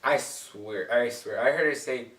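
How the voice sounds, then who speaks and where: A young man co-hosting a couple's channel, telling their story in a joking, mock-dramatic way, often trailing off softly. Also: mid-range voice, measured pace. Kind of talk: casual storytelling chat. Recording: echoey room, far from mic.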